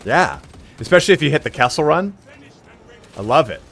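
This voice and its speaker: A man live-streaming a game, chatting casually and telling stories in a loud, animated voice. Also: fairly high pitch, brisk, gravelly.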